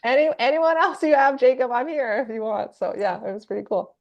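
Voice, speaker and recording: A woman singer in a casual interview, talking fast and loose, laughing often and acting out what other people said. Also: high-pitched, animated, lo-fi sound. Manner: chatty, laughs often, acts out quoted people. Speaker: metal singer being interviewed.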